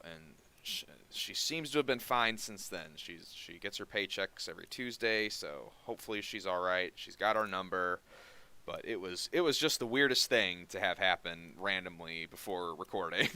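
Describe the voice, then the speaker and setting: A man hosts a casual podcast, telling a story in a loose, rambling way and often restarting mid-sentence. His voice sits a little low but sounds bright and crisp, with a smooth, clear tone. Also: moderate pace. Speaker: podcast host.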